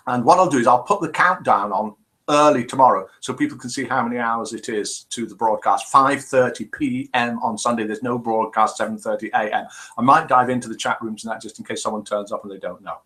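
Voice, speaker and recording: A man's voice: mid-range voice, brisk, pushed and bright. A man hosting a casual live stream, chatting and reading out viewer messages. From England. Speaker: live show host.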